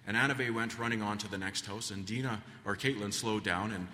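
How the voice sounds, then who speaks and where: The guest preacher talks fairly quickly in a lowish voice that's pushed and bright, sharing folksy, meandering family stories from the pulpit. Fillers and restarts are frequent, and the church sanctuary adds long reverb.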